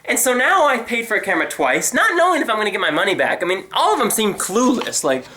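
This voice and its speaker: A man's voice: high voice, fast. Young guy ranting on his vlog, sarcastic, voice jumps all over, camera mic. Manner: animated, sarcastic, mimics others in silly voices. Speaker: vlogger. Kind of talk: comedic rant to camera. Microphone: built-in camera mic.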